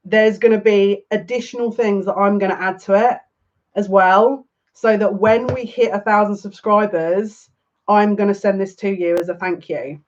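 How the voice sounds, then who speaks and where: A woman's voice: mid-range voice, fairly even intonation, normal speed, lo-fi sound. A woman reading tarot live, chatty and dramatic, mocking herself as she talks. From half Turkish. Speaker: psychic tarot reader. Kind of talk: casual live-stream reading.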